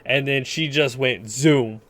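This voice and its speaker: A man's voice: medium pitch, slow pace, fairly bright tone. A man co-hosting a gaming podcast, joking and teasing in casual chat. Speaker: podcast co-host.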